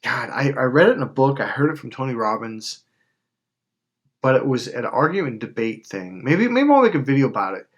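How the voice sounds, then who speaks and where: A man hosting a self-help video, telling stories in a casual, animated way with frequent swearing. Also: medium pitch, fairly quick. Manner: animated storytelling with swearing and acted-out quotes. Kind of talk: casual motivational talk.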